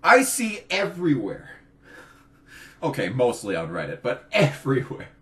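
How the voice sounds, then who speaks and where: A man's voice: medium pitch, wildly swooping pitch, moderate pace, a bit bright. A young man in his twenties, a college student by his own account, giving a profane, exasperated rant on his vlog. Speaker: vlogger. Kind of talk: ranting political vlog.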